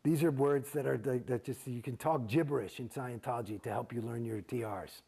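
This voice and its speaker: A middle-aged man, an actor, telling his own story in an interview, profane and animated, acting out the exchanges he describes. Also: mid-range voice, fairly quick, gravelly, husky. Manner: profane, animated, gets heated and acts out quoted exchanges.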